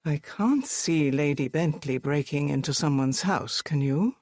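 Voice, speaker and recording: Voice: medium pitch, animated, unhurried, a little mellow, dry recording. An audiobook narrator voicing a reserved army major who speaks in a dry, clipped, wry way.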